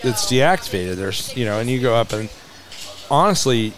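A man in a relaxed podcast conversation, telling a story with animated energy. He slips into the voices of the people in his story and laughs along the way. His voice sits at a mid pitch for a man. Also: normal speed, a crowd in the background. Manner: animated, acts out dialogue, laughs often. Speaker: museum managing director, podcast guest. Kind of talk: casual anecdotal storytelling.

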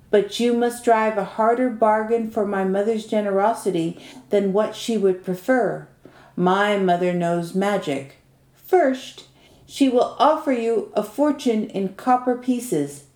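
A woman voicing a high imploring snake maiden. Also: darkish tone, echoey room, close to an everyday voice. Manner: imploring, urgent.

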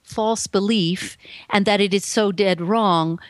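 A woman guest telling her story on an interview show, earnest and emphatic, acting out the voices she quotes with big pitch swings. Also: steady tone, takes it slowly, no echo. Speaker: guest author. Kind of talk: animated personal storytelling.

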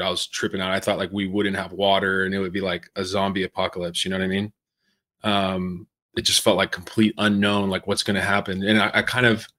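A man in a casual chat, talking candidly and excitably, swearing casually. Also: sits low.

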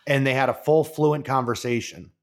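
A man hosts a podcast in loose, casual chat. He rambles and gets excited, piles up fillers and restarts, and swears freely. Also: mid-range voice, normal speed. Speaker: podcast host.

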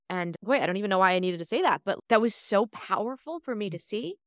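In a casual podcast chat, this female co-host animatedly relates stories and performs the dialogue herself. Her medium-pitched voice moves fast with hardly any pauses, in studio quality with no echo.

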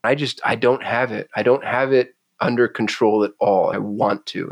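A man as a podcast guest, talking candidly and intensely, cursing freely and growing animated as he tells his stories. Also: medium pitch, no room sound. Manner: intense, swearing, confessional, animated when retelling. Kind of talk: candid conversational storytelling. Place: Phoenix.

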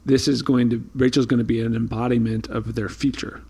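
A man's voice: medium pitch, level tone, fairly quick, creaky, warm tone, slightly rough. A man co-hosting a casual Bible study podcast, explaining thoughtfully with frequent ums and restarts. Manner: thoughtful, many fillers and restarts. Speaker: podcast co-host.

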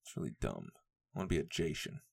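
A young podcast host with a rumbling low voice and vocal fry talks fast and very animatedly. Chatting casually alone, he rambles, uses profanity, and laughs a lot.

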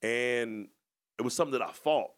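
A man's voice: medium pitch, normal speed. A man co-hosting a podcast, telling his story in a casual, rambling, reflective way. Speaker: podcast co-host and coach.

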